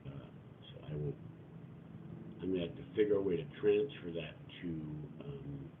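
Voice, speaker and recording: A man with a fairly low voice chats through a casual livestream, wandering from topic to topic in a halting way, full of fillers and restarts. The sound is thin and phone-like, with a faint hiss underneath. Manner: halting, chatty, trails off with many fillers and restarts. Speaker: livestream host reading viewer donations and comments. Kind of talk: casual rambling livestream chat. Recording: tinny phone-like audio with faint noise.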